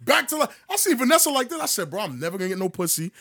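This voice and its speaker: A man casually telling a story on a podcast, acting out voices with sudden jumps in pitch and plenty of profane slang. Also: rapid-fire, slight background noise. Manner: animated, acts out dialogue with big pitch jumps.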